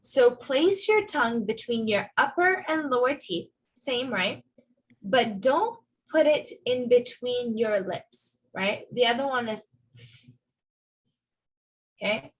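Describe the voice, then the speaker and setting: A woman teaches English pronunciation at an unhurried pace. Her voice is a little husky and sits slightly high. She is patient and repeats each sound for her students. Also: animated, rough recording. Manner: patient, slow and repetitive, modeling sounds for students. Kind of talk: online class lesson.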